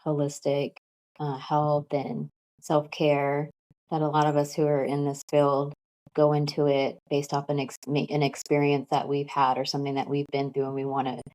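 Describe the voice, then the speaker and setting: Brief: calm female podcast host, very low voice, self-described monotone. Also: normal speed, poor audio. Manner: relaxed, with frequent fillers. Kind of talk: casual interview.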